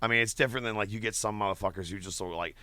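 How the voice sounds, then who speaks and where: A man's voice: fairly low pitch, rapid-fire, pushed and bright, no room sound. A young man hosting a podcast from his home basement, chatting casually, joking, swearing a lot and laughing often. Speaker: podcast host. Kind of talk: casual chat.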